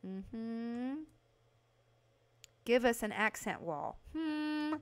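A woman livestreaming a house renovation game, chatting casually with her viewers and breaking into excited bursts. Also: mid-range voice, moderate pace. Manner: chatty, talks to chat by name, excited bursts. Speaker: livestream host playing a video game. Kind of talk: casual live game commentary.

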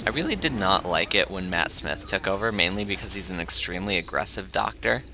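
A man's voice: sits low, expressive, a little fast. A man chatting and laughing while playing a co-op game. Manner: giggly, chatty. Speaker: gamer playing co-op. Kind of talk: casual gaming chat.

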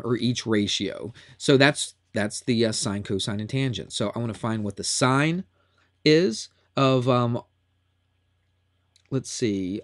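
A man's voice: mid-range voice, no room sound, clean studio sound. A man teaching a recorded math lesson in a chatty, upbeat way that often repeats itself.

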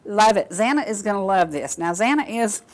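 An older woman hosts a local talk show, chatting straight to her viewers. Her talk is gushing and folksy, full of homey asides. Her pitch sits in an ordinary middle range for a woman. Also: animated, moderate pace. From Georgia, US. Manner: gushing, folksy, addresses audience as y'all. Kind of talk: casual chat to viewers.

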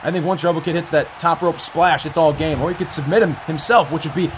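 A man giving excited, profane play-by-play commentary on a wrestling match, often breaking into yells. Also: a little high, quick pace, a little hiss or hum.

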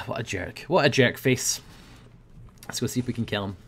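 A young man giving playful commentary over a video game, breaking into loud high yells when the action heats up. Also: a little fast, long pauses. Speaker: gaming video host. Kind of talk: casual gameplay commentary.

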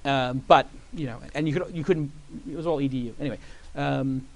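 Fast-talking animated man telling stories. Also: mid-range voice, vocal fry. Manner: animated storyteller, acts out quoted voices. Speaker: guest entrepreneur. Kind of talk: storytelling on a conference stage. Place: conference stage before an audience.

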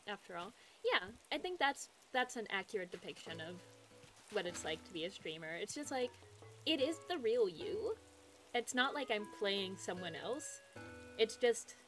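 A woman's voice: mid-range voice, a bit bright. Chatty young woman streamer, lots of laughs. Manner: chatty, laughs often, reads out chat. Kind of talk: casual chat with viewers. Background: faint game music.

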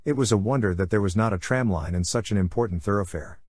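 A man with a fairly low voice reads a novel aloud in a measured, unhurried way. The sound is dry and close, with no room around it. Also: a little mellow, dry recording. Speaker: audiobook narrator. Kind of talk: scripted literary narration.

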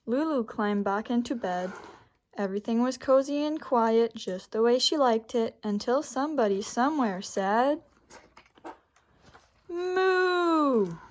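Speaking in a higher-than-average voice, a librarian shares a picture book with kids before leading them step by step through an easy craft. She keeps a calm, leisurely story-time pace throughout.

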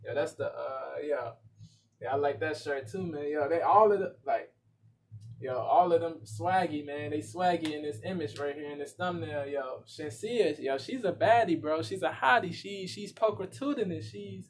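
A man's voice: on the high side, moderate pace, a little hiss or hum. A man hosting a reaction video, talking casually with slang and lots of repetition. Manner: laid-back, repeats himself, slangy asides.

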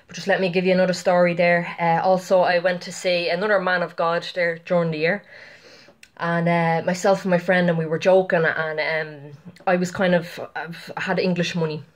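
Woman, middle-aged, slightly low voice, casual rambling testimony vlog. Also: little pitch movement, normal speed. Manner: chatty, rambling, many fillers and asides to viewers. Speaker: Christian vlogger.

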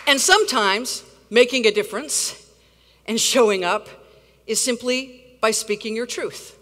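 A woman's voice: a little high, lively intonation, unhurried, sharp tone, a little hiss or hum. A middle-aged woman giving a rousing, blunt conference keynote, swearing for emphasis. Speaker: keynote speaker, activist. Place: large conference hall. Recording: reverberant hall.

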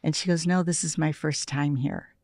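A woman in her sixties, an interview guest, who tells personal stories in a soft, reflective way and often drops to a near-whisper. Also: low-pitched, fairly even intonation, normal speed, dry recording, studio quality. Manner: soft-spoken, often trails into quiet near-whispers, laughs lightly. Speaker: interview guest, meditation practitioner.

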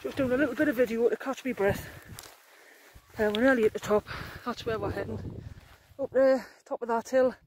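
A woman, talking to camera in a chatty, jokey and excitable way while out on open hills. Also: on the high side, brisk, noisy background. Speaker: vlogger, wild camper. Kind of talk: casual outdoor vlog narration.

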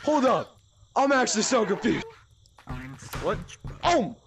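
Rowdy high-voiced guy trash-talking. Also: big pitch swings, normal speed, crowd noise. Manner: rowdy, trash-talking, yelling at other players. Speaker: gamer. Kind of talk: VR gameplay commentary. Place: small room at home.

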